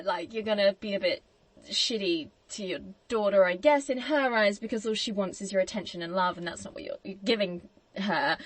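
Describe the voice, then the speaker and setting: A woman hosting a casual film podcast, chatty and quick to laugh, who slips into little acted-out quotes. Her voice sits at a middle pitch. The recording is dry and close, with no room sound. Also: fairly bright tone, no echo. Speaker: podcast host.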